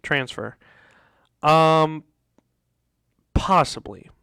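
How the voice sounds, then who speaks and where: Exasperated high-voiced man ranting. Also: extremely slow, bright, forceful tone, clear, resonant tone, no room sound. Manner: exasperated ranting, repeats himself. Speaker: host. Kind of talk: casual sports talk show.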